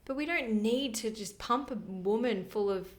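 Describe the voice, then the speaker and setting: A woman's voice: a little high, normal speed. A woman co-hosting a podcast, chatting casually in an earnest, rambling way with plenty of fillers. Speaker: podcast co-host. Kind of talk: casual chat.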